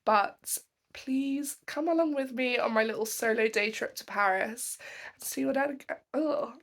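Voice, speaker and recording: A woman with a croaky voice from a cold, chatting casually to the camera on her phone with frequent ums. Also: fairly high pitch, unhurried. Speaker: travel vlogger. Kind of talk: casual vlog chat. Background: background music.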